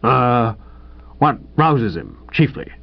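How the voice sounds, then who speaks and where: A man playing a large, blustering old theatre producer who barks his lines, his pitch leaping about. The sound is dull and lo-fi. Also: very animated, slow, full character voice. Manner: bellowing and gruff, then deflated. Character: huge, blustering older male theatre producer. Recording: dull lo-fi audio.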